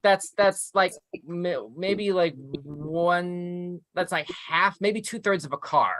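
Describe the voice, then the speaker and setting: A man's voice: sits high, slow, a bit bright, no echo. A man hosting a live news review show, reading articles aloud with chatty asides. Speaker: show host.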